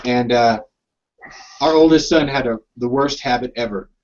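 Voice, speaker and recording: A man's voice: mid-range voice, normal speed, a little hiss or hum. A man co-hosting a casual chat, telling wry parenting stories in a laid-back way. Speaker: podcast co-host and father. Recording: dull lo-fi live stream audio.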